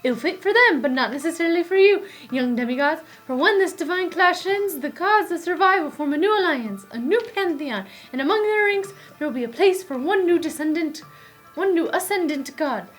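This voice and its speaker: A woman reading a board game's flavor text aloud in a slow, grave storybook manner. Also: very high voice, expressive, soft background music. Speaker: board game player.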